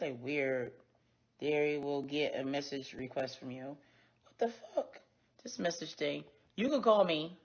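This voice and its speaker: Talking straight to her viewers on a casual livestream, a woman keeps it blunt and heavy on profanity. Her gravelly voice sits low, and the stream audio is dull and lo-fi.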